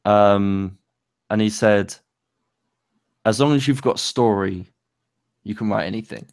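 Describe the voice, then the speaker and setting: A young man co-hosting a casual chat about songwriting, talking loosely with many fillers and pauses. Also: lowish voice, darkish tone, no room sound, clean studio sound. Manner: loose, lots of fillers and likes, pace speeds up and slows. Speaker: co-host.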